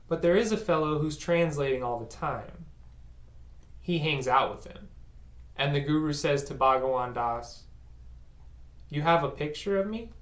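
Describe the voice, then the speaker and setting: A fairly high-pitched man tells a first-person story in a relaxed, self-mocking way and slips into the voices of the people he describes. The sound is roomy and echoey. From United States. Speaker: speaker recounting a personal story. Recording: roomy echo.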